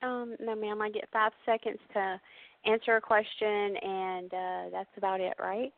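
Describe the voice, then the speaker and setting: A woman's voice: medium pitch, level tone, measured pace, no room sound. A chatty Southern woman who laughs easily, a contestant on a radio game show. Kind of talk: casual radio chat. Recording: tinny phone line, dry.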